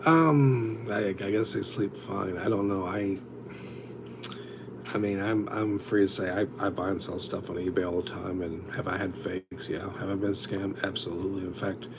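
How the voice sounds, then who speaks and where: A man's voice: low voice, fairly even intonation, moderate pace, noisy background. A man hosting a livestream, telling rambling stories with lots of restarts in a casual chat. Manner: rambling, self-interrupting storyteller. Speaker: livestream host.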